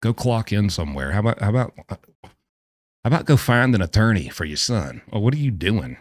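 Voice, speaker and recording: A man's voice: fairly low pitch, sing-song, fairly quick, no echo, clean studio sound. A man hosting a casual commentary video, talking in a sarcastic, exasperated way with scoffing remarks. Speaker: true-crime commentary host.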